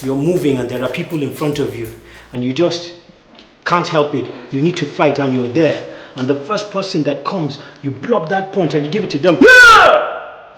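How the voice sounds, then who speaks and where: Commanding acting coach, echoey room. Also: male voice, on the high side, moderate pace. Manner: commanding, counts out moves and shouts cues. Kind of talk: coaching students through stage combat drills. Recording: echoey room with background noise.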